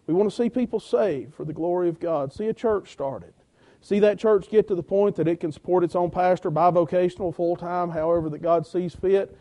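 A church-planting preacher from Georgia gives a sermon testimony in a high, mellow voice. His storytelling is full of quoted exchanges, and the intensity rises whenever he quotes others.

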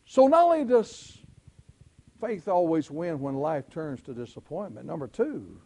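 A middle-aged man with a Southern US accent preaching a sermon, telling folksy stories and swelling into shouts. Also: a little high, very animated, measured pace, vocal fry. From Southern United States. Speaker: pastor.

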